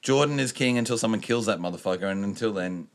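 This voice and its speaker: Male podcast co-host, lowish voice, crude rambling banter, stumbles reading news. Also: fast, vocal fry. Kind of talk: casual sweary podcast banter.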